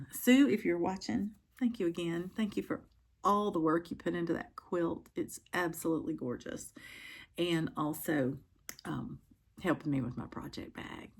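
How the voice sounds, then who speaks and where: A middle-aged woman talks through her day in an easygoing, chatty way, pausing often with ums. Her voice sits a little low, with a gravelly, husky edge. It sounds like a relaxed home vlog. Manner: chatty, many ums and pauses. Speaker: cross-stitch vlogger. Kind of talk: casual chat to camera.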